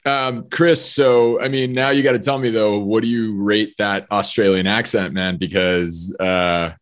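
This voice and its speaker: A man's voice: on the low side, steady tone, unhurried. A man co-hosting a casual movie podcast, jokey and loose, with many fillers. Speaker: podcast co-host.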